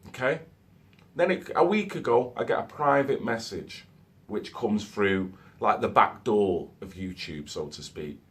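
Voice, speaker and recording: A man's voice: lowish voice, expressive, measured pace, fairly bright tone. A man, talking in a loose, conversational monologue and adding "okay?" and "so to speak" as he goes. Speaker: vlogger. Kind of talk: casual monologue to camera.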